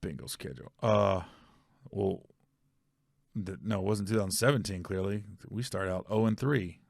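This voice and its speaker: A man's voice: low-pitched, normal speed, gravelly, no room sound, studio quality. A male podcast host telling a casual, rambling story, often stopping to correct himself and check facts aloud.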